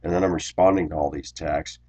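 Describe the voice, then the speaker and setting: A man who drives a school bus, telling a workplace grievance story in an indignant, complaining way, clearing his throat often. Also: rumbling low, steady tone, brisk, a little mellow. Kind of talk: ranting personal storytelling vlog.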